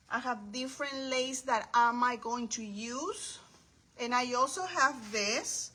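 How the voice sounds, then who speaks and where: Bright, high-voiced chatty craft host. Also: female voice, slight background noise, poor audio. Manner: chatty, greets viewers by name, calls them my friend. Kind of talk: casual livestream chat while crafting. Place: home craft table.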